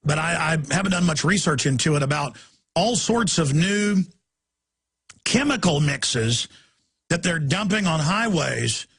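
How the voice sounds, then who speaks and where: Male talk radio host who rants in a gravelly rasp. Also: fairly high pitch, animated, fairly bright tone. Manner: heated, rapid-fire ranting.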